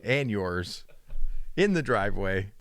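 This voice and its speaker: In a casual podcast conversation, this male co-host speaks slowly and plays out the voices in his stories, lifting his pitch for quoted dialogue. There's no room sound.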